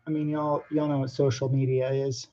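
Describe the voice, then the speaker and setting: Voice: mid-range voice, flat delivery, moderate pace, dark tone, muffled recording. An artist talking casually to camera about drawing, hesitant and nervous, with many ums and restarts and some self-mocking asides.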